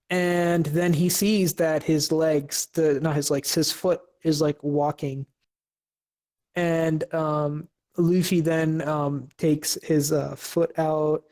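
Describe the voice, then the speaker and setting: A man's voice: fairly high pitch, flat delivery, warm tone. A young man co-hosting a podcast, casually recapping an episode with lots of fillers and restarts. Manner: halting, many fillers and restarts. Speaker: podcast co-host.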